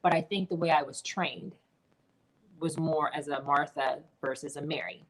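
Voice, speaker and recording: A middle-aged woman, a business mentor, telling her personal story in an interview in an earnest, animated way. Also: sits low, normal speed, poor audio.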